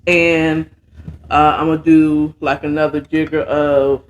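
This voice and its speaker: Slow, laid-back woman storyteller. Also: sits low, little pitch movement. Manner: laid-back, chatty, slangy asides. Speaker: host and storyteller. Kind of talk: casual bedtime story recap.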